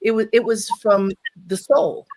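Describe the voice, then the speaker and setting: A woman's voice: medium pitch, unhurried, darkish tone. A woman hosting a radio interview, telling a personal story in a reflective, heartfelt way. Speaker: host.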